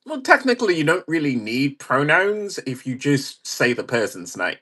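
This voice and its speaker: A man's voice: a little high, big pitch swings, normal speed, bright, forceful tone. A man hosting a livestream in a casual, wry manner, chatting and reacting to viewer comments. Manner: chatty, wry, reads chat aloud and laughs. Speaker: livestream host.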